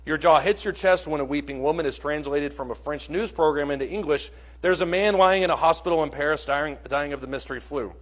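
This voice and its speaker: A man's voice: on the high side, a little fast, a bit bright. A man teaching a church Bible class, telling a dramatic story in an earnest, vivid way and speaking straight to his listeners.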